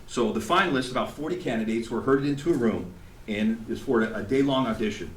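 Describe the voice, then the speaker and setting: A man giving an emotional, animated storytelling speech to an audience at an event, acting out what people said. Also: medium pitch, fast talker, a little hiss or hum. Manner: animated, acts out quotes, laughs along. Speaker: graduating student giving a speech. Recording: echoey hall, faint ambience.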